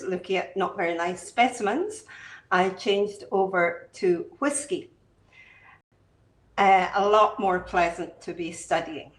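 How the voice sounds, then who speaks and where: A woman's voice: mid-range voice, a bit bright, reverberant, rough recording. A Scottish woman, a wine producer, telling her story in a chatty, self-deprecating way on a video call. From Scotland. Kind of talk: online interview, storytelling.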